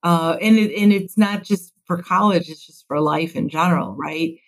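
A woman in her fifties from Chicago, a guest on an interview podcast, telling stories in a lively way and acting out the voices she quotes. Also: on the low side, normal speed, rough recording. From Chicago, USA. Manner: lively storyteller who acts out quoted voices. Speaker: podcast guest, construction executive. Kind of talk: casual interview chat.

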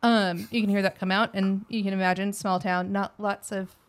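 A young adult with a Texan accent, talking casually on a podcast, rambling with many fillers and restarts. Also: female voice, medium pitch, level tone, moderate pace, a little hiss or hum. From Texas.

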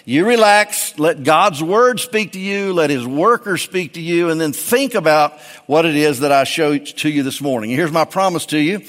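A man's voice: on the high side, normal speed, few pauses, a bit bright, long reverb tail. A man preaching a folksy sermon to his congregation, joking with the people in the pews. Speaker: pastor. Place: church.

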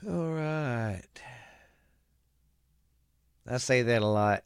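A man's voice: medium pitch, a little slow, a bit bright, clear, resonant tone, dry recording, clean studio sound. A man hosting a vlog, reading viewer comments aloud with crude jokes and rambling asides.

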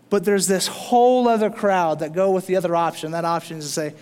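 Animated high-voiced male preacher in a reverberant hall. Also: fast talker, hardly any pauses. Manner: animated, preaching with rising emphasis and playful asides. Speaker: pastor. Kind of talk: sermon. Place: church sanctuary.

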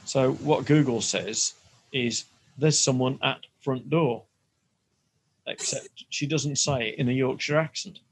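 A man's voice: mid-range voice, unhurried, husky. A man in casual podcast chat, joking around and mimicking gadget voices. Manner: playful, jokey, mimics voices. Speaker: podcast co-host.

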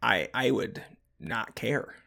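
Podcast host, male, gravelly bright voice, calls out names briskly. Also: mid-range voice, expressive. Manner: reads out names and keeps the vote moving. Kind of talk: casual chat.

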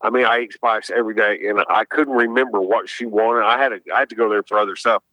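A man's voice: lowish voice, steady tone, fast talker, sharp tone, no echo, rough recording. An older man, a guest actor, chatting casually in a radio interview with rambling stories.

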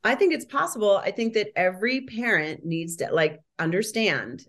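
A woman answering interview questions about schools and parenting, explaining with emphasis and shifting between quick bursts and slow stresses. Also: mid-range voice, expressive.

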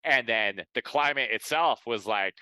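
A man's voice: mid-range voice, a little slow, bright, forceful tone, clean tone, no room sound. A man co-hosting a podcast in casual chat, sarcastic and profane. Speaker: podcast co-host.

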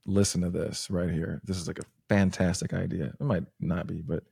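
A man's voice: sits low, flat delivery, normal speed, creaky, dark tone, slightly rough, no room sound, studio quality. A man hosting a parenting podcast, thinking aloud with fillers and restarts as he gives advice. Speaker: podcast host. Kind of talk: casual advice chat.

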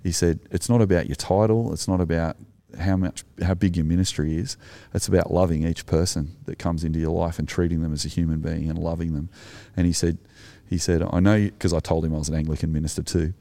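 A man's voice: low voice, flat delivery, fast talker, hardly any pauses, mellow. An Australian man, an Anglican minister co-hosting, telling a story in an earnest, reflective way. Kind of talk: conversational storytelling.

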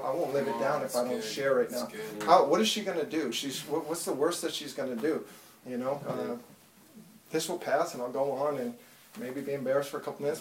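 A man preaching a personal testimony in an echoing church hall, his voice pitched a touch high and caught from some distance. He tells the story with animation, going from hushed asides to loud bursts. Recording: echoey room, mic far off.

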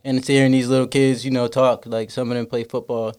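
A man's voice: mid-range voice, little pitch movement, fast, a little mellow, smooth. A young man, a podcast guest, talking casually and earnestly, giving encouraging advice in a rambling way. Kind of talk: casual chat.

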